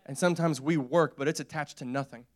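Young male preacher, slightly high voice, casual and repetitive sermon delivery, quick to laugh. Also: steady tone. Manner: conversational, repetitive, laughs often. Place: church.

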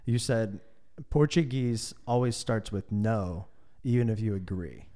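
A man's voice: on the low side, measured pace, mellow. Easygoing male podcast host. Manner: easygoing, asks follow-ups, jokes with the guest. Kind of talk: casual interview.

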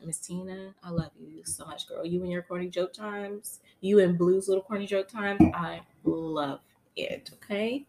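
A woman hosting a podcast, chatting in an animated, slangy, playful way. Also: lowish voice, moderate pace, creaky. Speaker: podcast host. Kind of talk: casual chat.

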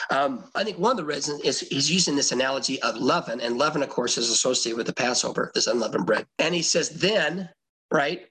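A man with a slightly raised pitch and a husky, breathy edge teaches scripture. He talks in a conversational, emphatic way, reading verses aloud and then breaking them down for his listeners. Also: a bit bright, poor audio. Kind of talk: expository Bible teaching.

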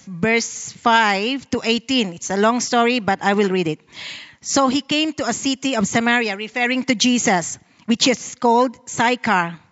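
A woman with a Filipino accent reads scripture aloud and then explains it in an earnest sermon. Her voice sits a little high. The recording is muffled and carries a long reverb tail. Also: a bit bright. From Philippines. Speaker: Bible study speaker. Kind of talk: sermon with Bible reading.

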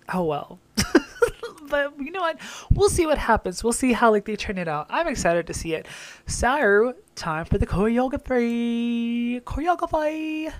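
A woman's voice: a little high, very animated, unhurried, pauses often, no echo. A young woman chatting casually as she reacts to a TV show, often swearing and laughing as she goes. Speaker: reaction vlogger.

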